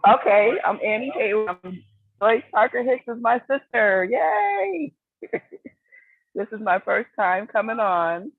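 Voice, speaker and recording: A shy, soft-spoken woman introducing herself on an online call, affectionate toward the group. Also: mid-range voice, normal speed, no room sound. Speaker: webinar attendee. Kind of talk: casual online chat. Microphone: video call. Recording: tinny phone-like call audio.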